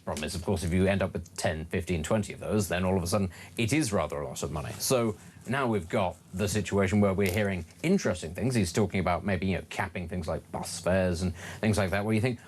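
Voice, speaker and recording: Fast-talking low-voiced British man. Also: slight background noise. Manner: rapid, mocks politicians in quoted voices. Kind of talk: opinionated radio talk.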